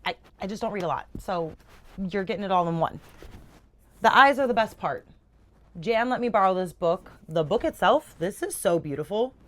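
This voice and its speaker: A young woman talking casually to camera as a book reviewer, animated and gushing, swearing freely. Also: mid-range voice, normal speed. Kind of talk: casual chat.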